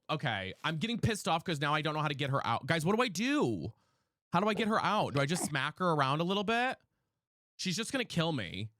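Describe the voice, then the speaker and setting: Brief: male game streamer, bright and animated delivery, sassy and dramatic, faint hiss behind. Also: a little high, no room sound. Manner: sassy, dramatic, chatty with chat. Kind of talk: live gameplay streaming with chat.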